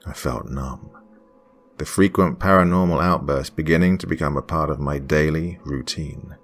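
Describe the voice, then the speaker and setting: A man with a very deep, husky voice narrates a first-person horror tale, hushed and sometimes sinking into a whisper. Faint music plays underneath.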